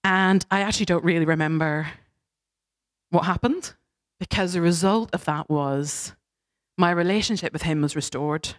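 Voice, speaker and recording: A woman's voice: lowish voice, normal speed. Young woman giving a sermon, chatty storyteller, laughs at herself. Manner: chatty, animated, self-deprecating. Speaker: preacher.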